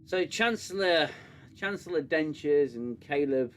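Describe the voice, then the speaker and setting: A man's voice: a little high, lively intonation, measured pace, a bit bright, slight background noise. A British man hosting a live review stream, ranting sarcastically and swearing freely. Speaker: show host.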